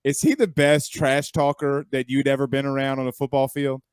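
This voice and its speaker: A man's voice: mid-range voice, flat delivery, normal speed, clean tone, no echo. Man, sports podcast host; rambling, casual questioner, dry recording. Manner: chatty, rambling questions with fillers. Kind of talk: casual interview.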